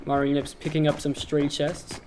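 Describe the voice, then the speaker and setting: A young man doing deadpan, joking play-by-play commentary for an amateur game tournament. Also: on the high side, moderate pace, a little hiss or hum. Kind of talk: joking esports commentary over gameplay. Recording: game music under the voice.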